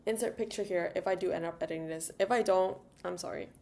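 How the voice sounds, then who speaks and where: A young woman rambles through a storytime vlog, piling on "like" and quick asides as she goes. Her voice sits a little low for a woman. It sounds loose and conversational, like she's chatting straight to the camera. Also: creaky, dark tone. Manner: rambling, filler-heavy, chatty; sings "la la" to herself. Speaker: travel vlogger.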